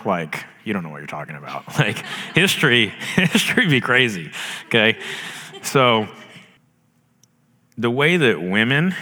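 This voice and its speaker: A man's voice: fairly low pitch, pushed and bright. A man preaching a sermon, talking casually with lots of fillers. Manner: casual, conversational preaching with many fillers and laughs. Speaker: pastor. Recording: long hall reverb.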